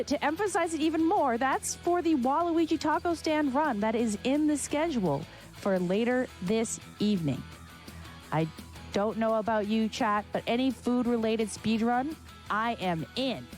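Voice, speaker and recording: A woman's voice: a little high, a little mellow. A woman hosting a live charity stream, bubbly and enthusiastic as she talks to chat. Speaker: charity marathon host.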